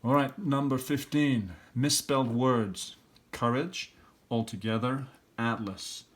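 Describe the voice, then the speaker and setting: A man's voice: mid-range voice, fairly even intonation, takes it slowly. A middle-aged man, an elementary school teacher, walking students through a recorded review lesson and thinking aloud step by step.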